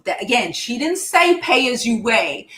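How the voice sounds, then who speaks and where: A woman with a Brooklyn accent riffs through casual pop culture commentary, blunt and profane, her voice bright and a touch high. She sounds like she is in an echoey room. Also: unhurried. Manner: blunt and profane, animated retelling.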